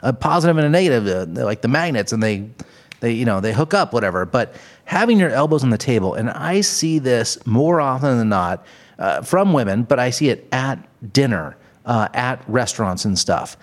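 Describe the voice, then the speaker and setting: A man's voice: medium pitch, animated, moderate pace. A man hosting a podcast, ranting in a casual, comedic way, swearing often and laughing at his own jokes. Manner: profane, laughing, exaggerated ranting. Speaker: podcast host.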